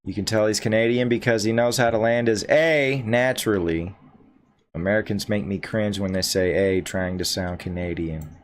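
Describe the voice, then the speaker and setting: A man hosting a live reaction stream, reading out chat comments in a low-key, offhand way. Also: normal speed.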